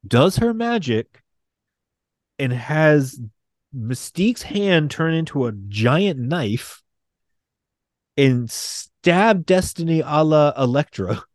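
A young man, co-hosting a podcast, recapping comic books in a casual, excitable, profane way and acting out quotes. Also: fairly high pitch, slow, pauses often, dry recording, clean studio sound. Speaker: podcast co-host.

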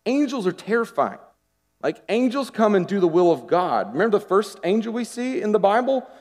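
A man preaching a sermon in a lively, conversational way, asking the congregation questions as he goes. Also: high-pitched, a little fast. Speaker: pastor. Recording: long hall reverb.

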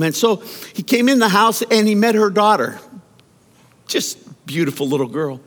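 Male pastor, high and very animated, mid-sermon storyteller; long hall reverb. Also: normal speed. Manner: animated storytelling preacher with repeated words.

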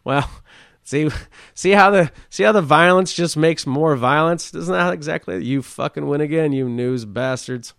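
A man's voice: on the high side, moderate pace, vocal fry, a bit bright, no room sound, clean studio sound. Rambling, foul-mouthed male podcast host. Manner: crude, rambling, swears often, laughs at himself. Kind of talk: casual solo podcast commentary.

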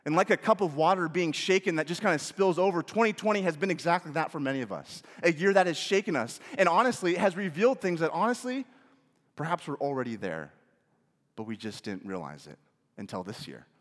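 Man preaching a sermon, voice kinda high, goes loud then real quiet, reverb hanging in the room. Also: big pitch swings, fairly quick. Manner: rising to emphatic questions, dropping to soft hushed phrases. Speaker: pastor.

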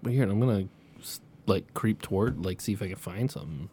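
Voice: low voice, brisk, mellow, husky. A player in character at a tabletop game, teasing and incredulous.

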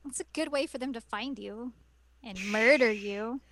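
A woman co-hosting a podcast in casual chat, playful and quick to laugh. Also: fairly high pitch, fairly bright tone, dry recording. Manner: giggly, laughs often, playful. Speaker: podcast co-host.

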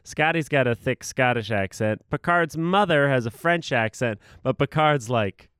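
A man's voice: mid-range voice, animated, normal speed, fairly bright tone, clear, resonant tone, dry recording, clean studio sound. A young man co-hosting a podcast in casual chat, joking and laughing often. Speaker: podcast co-host.

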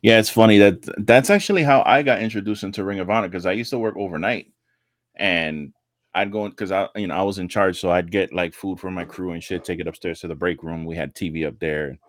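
Male podcast co-host, lowish voice, dry close sound, animated profane storyteller. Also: fairly quick, dry recording. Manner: animated storytelling, heavy swearing, acts out quotes. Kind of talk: casual wrestling chat.

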